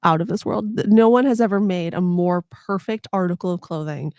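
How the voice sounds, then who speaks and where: A woman's voice: fairly low pitch, a little fast, a little mellow, clear, resonant tone, dry recording, clean studio sound. Playful, sarcastic woman podcaster. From United States. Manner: playful, sarcastic, swears casually, acts out silly quoted voices. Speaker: podcast host. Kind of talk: casual chat.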